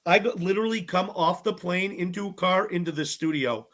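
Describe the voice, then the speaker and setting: A young man, a podcast guest telling stories from a cooking show in a bubbly, animated way, acting out other people's lines and swearing freely. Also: high-pitched, brisk, a little hiss or hum. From Massachusetts, US. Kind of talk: casual storytelling chat.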